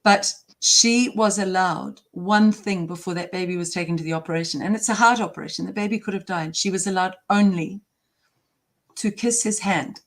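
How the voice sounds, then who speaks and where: A woman's voice: fairly low pitch, normal speed. Impassioned woman. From New Zealand. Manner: emphatic, emotional, indignant. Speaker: interview guest. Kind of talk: impassioned interview talk.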